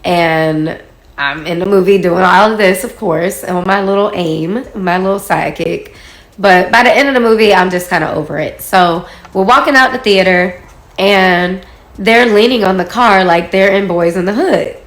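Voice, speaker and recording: A woman's voice: medium pitch, normal speed, fairly bright tone. A woman in her forties telling a personal story in a casual, chatty way, acting out the quoted dialogue. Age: 40s. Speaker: storyteller in a social media video. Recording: echoey room.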